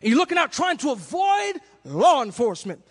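High-voiced preacher in a reverberant hall. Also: male voice, brisk. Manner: animated, acts out little scenes, shouts for emphasis. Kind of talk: sermon.

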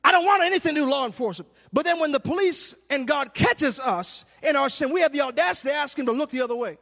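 A man preaching a sermon, animated, acting out little scenes and shouting for emphasis. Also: very high-pitched, fast, creaky. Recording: long hall reverb.

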